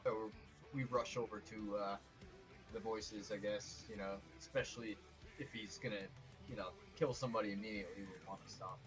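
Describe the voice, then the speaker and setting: A laid-back man playing in a tabletop game, speaking in a low voice with short, easy replies. Guitar music plays clearly behind him. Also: fairly even intonation, moderate pace, poor audio. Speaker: player. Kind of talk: casual tabletop play.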